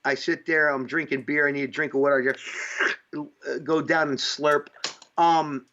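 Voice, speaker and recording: A man from upstate New York rambles through a casual podcast chat, dropping fillers and the odd swear word. His voice sits a bit high for a man. The recording sounds dull and lo-fi. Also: steady tone, measured pace, pushed and bright, a little hiss or hum. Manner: rambling, profane, lots of fillers. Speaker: podcast host.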